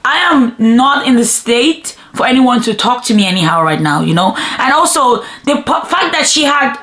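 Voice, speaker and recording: A twenty-year-old woman talks straight to her viewers in a storytime vlog, lively and chatty, tossing in "bro" and "guys". Her voice sits fairly high. The sound is roomy and echoey. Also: moderate pace. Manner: animated, chatty, keeps saying "bro" and "guys". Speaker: vlogger.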